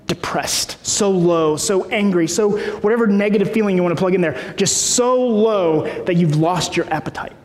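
A man in his thirties preaching a sermon in a conversational way, often checking in with the room. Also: high-pitched. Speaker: pastor. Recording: echoey hall.

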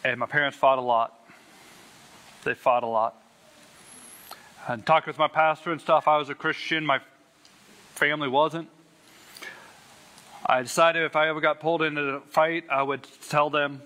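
A Christian man earnestly shares his personal faith testimony, stressing words and repeating them for weight. His medium-pitched voice is bright and forceful, with fairly even intonation, a normal speed and frequent pauses.

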